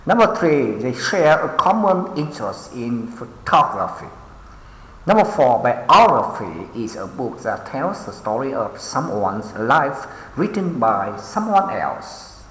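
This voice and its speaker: Male teacher, Vietnamese accent, slow drilling delivery, echoey reverberant room. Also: mid-range voice, sing-song, fairly bright tone. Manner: slow and deliberate, drawn-out repetitions with frequent fillers. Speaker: English teacher. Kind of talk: pronunciation lesson, reading words for repetition.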